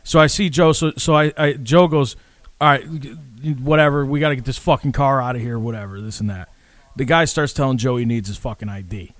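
A podcast co-host tells a story in casual chat, swearing freely and acting out what people said in a profane, animated way. His mid-range voice moves briskly, and there's no room sound.

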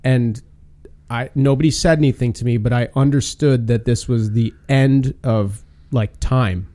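A man casually recounting a wild night to friends, rambling and animated, with plenty of filler words. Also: mid-range voice, unhurried. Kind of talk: casual storytelling chat.

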